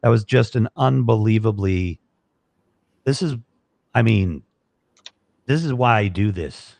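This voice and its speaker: A man's voice: lowish voice, expressive, a little slow, vocal fry, a little mellow, dry recording. A man hosting a live online talk show, signing off with rambling, grateful, joking chat into a studio microphone. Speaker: show host. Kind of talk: casual live-stream sign-off chat.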